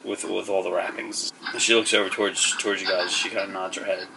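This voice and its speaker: Gravelly-voiced game master narrating. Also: male voice, sits low, flat delivery, a little fast, recorded from a distance, background noise. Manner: loose, rambling narration with fillers.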